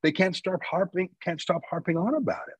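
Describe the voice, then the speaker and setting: Guest spot: husky, dry-sounding man from Canada, opinionated, presses his points hard. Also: high-pitched, a little fast, dry recording, low-quality recording. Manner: argumentative, emphatic, builds points with rhetorical questions. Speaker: guest, news company founder. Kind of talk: radio interview talk.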